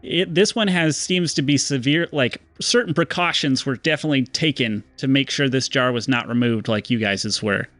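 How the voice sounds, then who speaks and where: A man runs a tabletop role-playing game as game master, narrating descriptively and slowing down for dramatic moments. His mid-range voice has a fairly bright tone, and the recording is dry.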